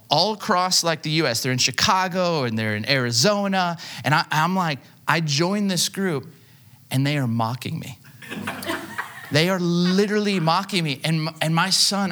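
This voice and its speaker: This pastor's voice is high, bright and forceful. He preaches in a loose, conversational style, telling self-deprecating stories about himself with many fillers.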